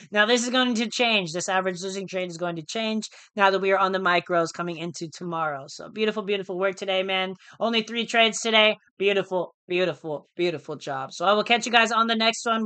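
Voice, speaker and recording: Streaming his day trading live, a US man talks in easygoing slang, repeats himself, and calls his viewers dude and bro. His bright, smooth voice sits high, and the audio is dry and close.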